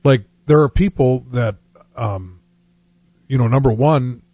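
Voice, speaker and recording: An older male host talks in a gentle, halting way, full of small pauses and fillers. His voice is husky and mellow, and the recording is dry and close. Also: mid-range voice, no room sound. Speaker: program host. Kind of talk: reflective radio talk.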